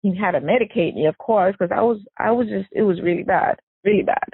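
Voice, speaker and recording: A woman tells her story in a halting, distressed way, stopping and restarting often. Her voice is gravelly and husky. It comes through a narrow, dry, phone-like line. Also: medium pitch, dry recording. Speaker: victim's sister recounting events. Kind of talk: emotional personal interview.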